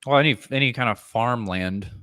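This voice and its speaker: A man's voice: mid-range voice, brisk, bright, forceful tone, dry recording. A man co-hosting a podcast in casual chat, dry and opinionated. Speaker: podcast co-host.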